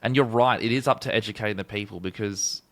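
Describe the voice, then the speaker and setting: A man's voice: on the low side, quick pace, a bit bright. An Australian man hosting an interview, talking casually with lots of fillers like "you know" and "kinda". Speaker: host.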